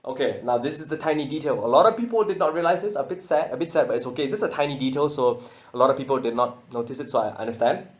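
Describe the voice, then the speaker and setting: A man casually explaining how he built his beatbox routine, excited, often stuttering and repeating words. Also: medium pitch, racing. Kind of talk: casual spoken breakdown.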